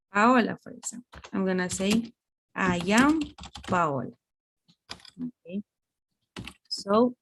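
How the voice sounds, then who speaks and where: A woman teaching English grammar in an online lesson, speaking slowly and explaining through examples. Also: mid-range voice, slight background noise.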